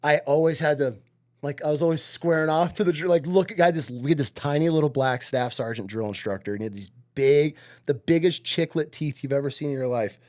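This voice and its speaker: A man in his forties from upstate New York, guesting on a podcast, tells stories in casual chat, swearing freely and acting out the characters. His voice is on the high side, a little fast, with a darkish tone.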